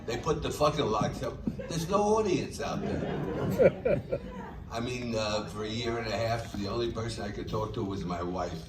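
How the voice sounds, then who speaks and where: A man's voice: lowish voice, expressive, normal speed, over a noisy crowd. A man doing brash, profane stand-up at a roast. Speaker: comedian. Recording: echoey room, distant mic, noise.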